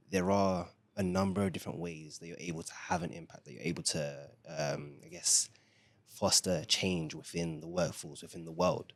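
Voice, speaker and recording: A man's voice: low voice, no room sound. A young man from the UK, a family guest on a podcast, speaking in an earnest, reflective way with many fillers. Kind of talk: casual discussion.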